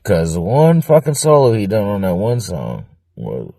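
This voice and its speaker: A man interviewed about his former band, talking in a rambling, profane, excitable way and laughing often. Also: on the low side, unhurried, creaky, breathy edge, no room sound. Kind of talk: casual documentary interview.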